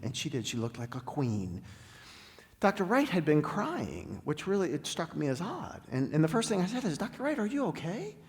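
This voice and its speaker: Man telling a story in a reverberant hall. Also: on the high side. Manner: storytelling, dramatic pauses, slows down for emphasis. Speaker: guest speaker. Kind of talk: inspirational talk. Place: large spiritual center hall.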